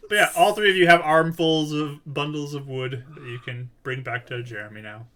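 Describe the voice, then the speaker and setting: A game master narrating a tabletop role-playing game in a relaxed, easygoing way, laughing often. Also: medium pitch, fairly quick.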